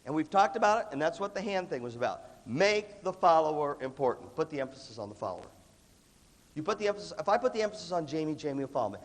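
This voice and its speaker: A man's voice: on the high side, big pitch swings, fast. A man giving a live motivational talk to a large student audience, conversational and coughing now and then. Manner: conversational, acts out quoted students. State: coughing repeatedly. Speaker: motivational speaker. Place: large hall with a big audience. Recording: long hall reverb.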